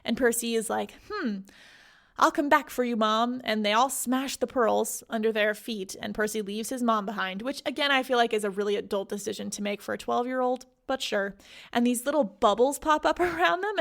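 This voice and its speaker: A woman hosting a podcast, recapping a book in a casual, giggly way with lots of "like". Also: on the high side. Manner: chatty, giggly, heavy use of "like". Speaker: podcast host.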